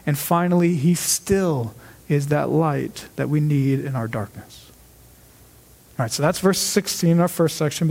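A man preaching a sermon in church, conversational, often asking "right?" and slowing down to stress key phrases. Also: high voice, darkish tone, big-room sound. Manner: conversational, frequent rhetorical "right?", slows for emphasis. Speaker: pastor. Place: church sanctuary.

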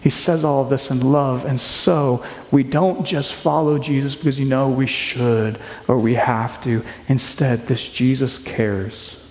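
A man's voice: medium pitch, steady tone, a little slow, few pauses, darkish tone. A man preaching a sermon as pastor, earnest and asking the congregation rhetorical questions. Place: church sanctuary. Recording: echoey hall reverb.

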